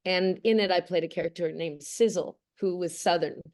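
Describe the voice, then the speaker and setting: A woman's voice: lowish voice, fairly even intonation, moderate pace, darkish tone. A woman actress being interviewed, speaking earnestly and emotionally about her work. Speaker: voice actress guest. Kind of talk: interview conversation.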